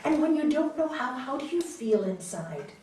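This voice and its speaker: Animated woman yoga teacher, echoey hall. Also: sits high, normal speed. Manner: animated, gently coaching, often asks "hmm?". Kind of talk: spiritual talk answering audience questions. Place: large hall. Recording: echoey hall from far off, faint noise.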